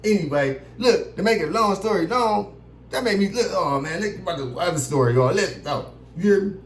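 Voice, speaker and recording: Young man, vlogger, profane casual storytelling, animated, acts out other people, roomy echo, faint background noise. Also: sits high, a little fast. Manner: profane, animated, keeps asking "you feel me".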